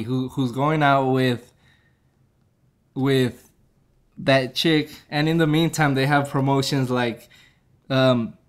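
A man casually reviewing a movie, retelling the plot in a rambling way, laughing and correcting himself as he goes. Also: medium pitch.

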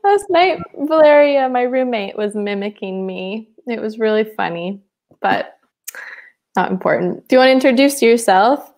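A woman's voice: fairly high pitch, expressive, normal speed, a little mellow. A woman in her twenties from Seattle co-hosting a casual live webinar, chatty and giggly, trailing off with fillers. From Seattle, USA. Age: 20s. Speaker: webinar co-host.

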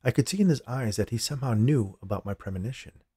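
A man narrating a first-person story calmly as a storyteller. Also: medium pitch, fast talker, slightly rough, dry recording, clean studio sound. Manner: calm first-person telling. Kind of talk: scripted narration.

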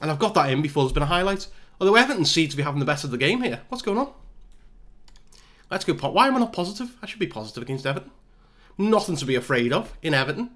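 A man's voice: fairly high pitch, a bit bright. Chatty man commentating a game. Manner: chatty, self-mocking, play-by-play. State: out of breath. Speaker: gaming YouTuber. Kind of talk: casual let's-play commentary.

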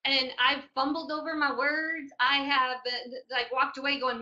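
High bright-voiced woman telling a coaching story. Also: little pitch movement, normal speed, highs cut off. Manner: chatty storyteller, addresses audience directly. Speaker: business mentor. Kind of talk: motivational training talk.

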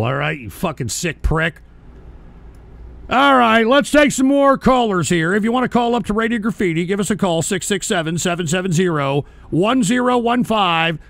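A man's voice: high-pitched, vocal fry, a bit bright. A man hosting a call-in show, talking crude and ranting with constant swearing. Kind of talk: profane call-in stream chat.

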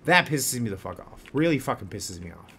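This male streamer speaks at a medium pitch with big pitch swings and a pushed, bright tone, over slight background noise. His let's-play commentary mixes laid-back joking with sudden furious cursing at enemies.

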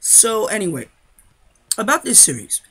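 A teenage boy with a high, nasal voice, stuffed up from sinus trouble. He rambles in a chatty, direct way to his viewers. He records a casual home voice-over for his game footage. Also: sing-song, normal speed, sharp tone, breathy edge. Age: teens. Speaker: gaming YouTuber.

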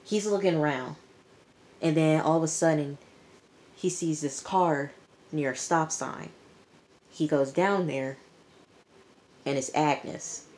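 Low-voiced woman recapping a show. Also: takes it slowly, long pauses. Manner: chatty, animated storytelling, addresses viewers as y'all. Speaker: TV episode reviewer. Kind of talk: casual recap vlog.

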